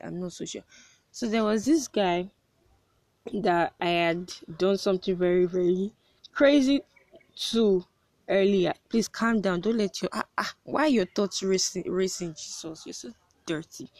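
Young woman vlogging, chatty and animated, laughs a lot, dry close sound, mid-pitched. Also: no echo. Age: young adult. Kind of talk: casual storytelling to camera.

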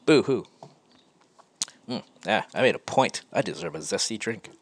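Deep-voiced man telling a story. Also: expressive, fairly quick, husky. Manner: rambling, conversational, frequent self-corrections. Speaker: podcast host. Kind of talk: casual storytelling monologue.

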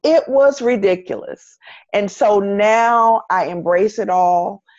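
A woman's voice: mid-range voice, slow pace, a little mellow, dry recording, highs cut off. A middle-aged woman with a Southern North Carolina accent, talking earnestly as a podcast guest and repeating phrases for emphasis. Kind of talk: casual interview conversation.

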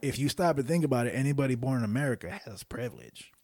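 A man chats loosely as a podcast guest, his voice sitting at an ordinary middle pitch. He swears freely and gets animated as he retells jokes, often laughing into his own lines. The sound is close and dry, with no room around it. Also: fast talker, no room sound. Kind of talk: casual chat.

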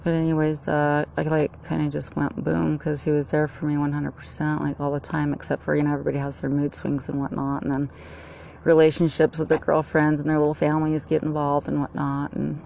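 A middle-aged American woman talks in a low, gravelly voice, wandering from thought to thought with plenty of ums and restarts. A faint hum of vehicle and outdoor noise sits behind her. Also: completely flat delivery, brisk, dark tone. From United States. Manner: rambling, meandering, with many fillers and restarts. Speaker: vlogger. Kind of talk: rambling personal monologue.

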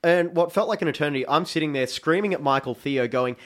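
Australian man, casual football chat, animated storytelling, slightly high voice. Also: quick pace. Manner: animated storytelling, acts out shouts.

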